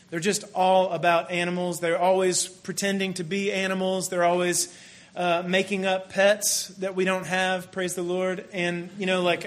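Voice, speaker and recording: A man's voice: high voice, a bit bright. A man in his thirties giving a conversational, self-deprecating sermon built on a family story. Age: 30s. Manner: conversational and self-deprecating, many restarts and asides. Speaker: pastor.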